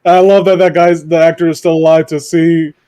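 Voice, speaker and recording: A man hosting a casual podcast, reading aloud haltingly and joking around. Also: a little high, level tone, dark tone, no room sound. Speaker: podcast host.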